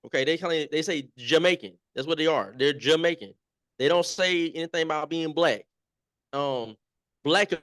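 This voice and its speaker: A man's voice: a little high, normal speed, a bit bright, no room sound, clean studio sound. A man appearing as a guest on a talk show, making his points emphatically and repeating them in casual chat.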